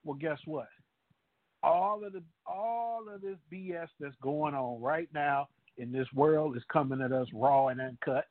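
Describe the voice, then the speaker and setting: Man, talk radio caller, rambling folksy talker, somewhat high pitch, phone-like sound. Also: unhurried. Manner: rambling, repeats himself, folksy sayings. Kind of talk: casual talk radio chat. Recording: phone-like call-in line.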